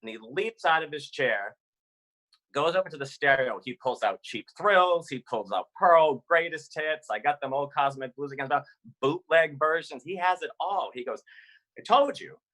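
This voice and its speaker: A man from Massachusetts telling a personal story live over a video call, animated and chatty with fillers. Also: on the high side, normal speed, poor audio.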